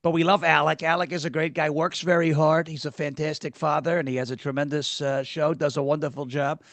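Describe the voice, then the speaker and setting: Man impersonating a boastful older politician: high-ish, dry, rambling superlatives. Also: level tone, a little fast, fairly bright tone, no echo. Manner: meandering, self-praising, full of superlatives. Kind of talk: comic impression in a mock debate.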